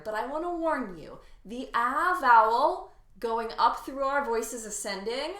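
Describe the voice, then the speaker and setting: A woman teaching a singing warm-up lesson, patient and encouraging, demonstrating vowels by singing them. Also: fairly high pitch. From Ohio, United States. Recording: roomy sound with loud piano accompaniment.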